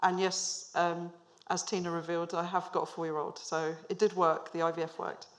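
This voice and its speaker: A woman's voice: lowish voice, little pitch movement, normal speed. A woman in her thirties, a managing director, giving a storytelling business talk on stage to a live audience, asking them questions with light humor.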